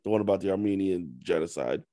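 A man's voice: low-pitched, expressive, fast talker, dark tone, no echo. A man co-hosting a podcast, chatting casually with a skeptical, teasing edge. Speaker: podcast co-host. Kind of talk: casual chat.

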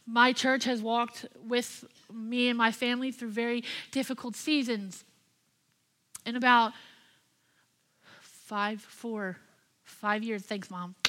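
A woman's voice: fairly high pitch, pushed and bright. A young woman pastor and worship leader giving an impassioned, candid sermon with personal testimony.

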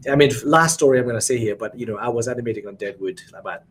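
A man telling family stories in casual chat, animated and acting out voices in his anecdotes. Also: medium pitch, very fast, slight background noise. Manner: animated storyteller, acts out voices. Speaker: panelist.

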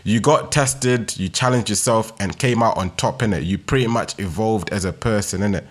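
A man's voice: fairly low pitch, normal speed. A young man with a London street accent talking casually on his solo podcast, laid-back and slangy, ending nearly every sentence with "innit". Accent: London, Multicultural London English. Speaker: podcast host.

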